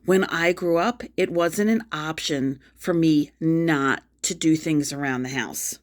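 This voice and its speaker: A woman's voice: low-pitched, slow pace. A middle-aged woman venting angrily on a phone livestream, repeating herself as she pours out her hurt and frustration. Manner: upset, angry, repetitive outbursts. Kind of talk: emotional venting vlog.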